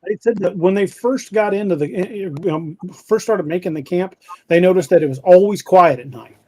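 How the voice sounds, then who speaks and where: A man from the American Midwest hosts a live podcast in a loose, chatty way. His voice sits a bit high, and he wanders and restarts his sentences as he reads comments from the chat. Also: fairly quick, warm tone. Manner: rambling and self-correcting, with frequent restarts. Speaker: podcast host. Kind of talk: casual live-stream chat reading viewer comments.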